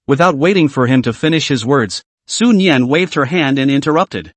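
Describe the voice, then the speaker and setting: A man narrating a translated comic story recap with a steady, read-aloud delivery. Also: mid-range voice, normal speed, few pauses, dry recording.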